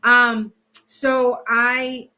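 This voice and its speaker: A livestream host who reads tarot speaks in a fairly high, sharp voice with a level tone, drawing out her words. She rambles and loses focus, restarting often as she sets up and chats with viewers.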